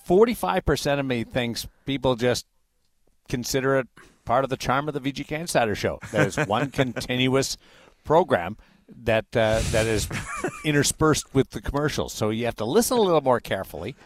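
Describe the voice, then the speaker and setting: A man's voice: medium pitch, lively intonation, a little fast, no room sound. A man co-hosting a sports talk show, teasing and prodding his co-host with questions. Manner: playful, needling questions. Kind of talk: casual studio banter.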